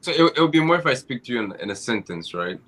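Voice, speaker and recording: A man's voice: mid-range voice, very animated, fast, a bit bright. A man from Haiti chatting casually on a podcast, patiently explaining things with examples.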